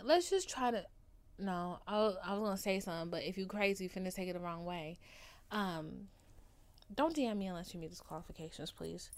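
A young woman podcast host, tired and loopy, chatting in a playful, overdramatic, rambling way. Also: mid-range voice. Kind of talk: casual chat.

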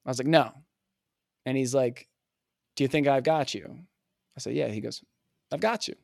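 A man guesting on a podcast, telling a personal story in an earnest, animated way and acting out the dialogue. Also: mid-range voice, moderate pace, vocal fry, no echo, clean studio sound. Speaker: podcast guest, communication coach.

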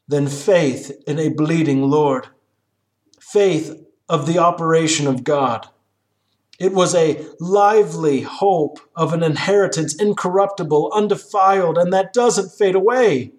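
Man, high-pitched voice, solemn sermon reading, measured oratory, rising rhetorical questions. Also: darkish tone. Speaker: sermon reader. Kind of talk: read-aloud historical sermon.

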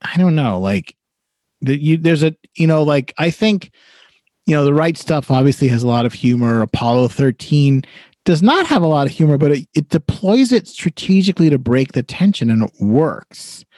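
A man's voice: on the high side, very animated, normal speed, warm tone, no echo. Chatty rambling man, dry close mic. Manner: chatty, rambling, frequent fillers and restarts. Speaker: podcast co-host. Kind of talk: casual chat.

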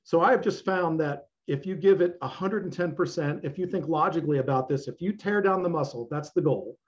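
A man's voice: a little high, fairly quick. Blunt, profane man on lo-fi audio. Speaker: fitness coach. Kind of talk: casual podcast chat.

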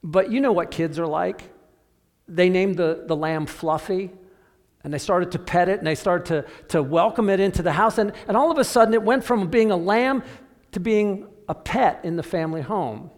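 A man preaching a sermon, telling a story and acting out the voices of biblical figures, with sudden drops to a quiet voice. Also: high-pitched, moderate pace, big-room sound. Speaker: pastor.

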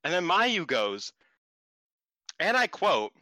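A man co-hosting a podcast, chatting casually and excitably, laughing and swearing, his voice jumping up in disbelief. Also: high-pitched, takes it slowly, no room sound. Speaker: podcast co-host. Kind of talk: casual chat recapping wrestling.

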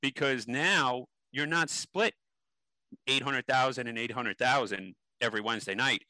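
A man's voice: mid-range voice, moderate pace, bright, forceful tone, no echo, poor audio. A man being interviewed, telling stories animatedly with many ums and restarts. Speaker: interview guest. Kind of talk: casual interview storytelling.

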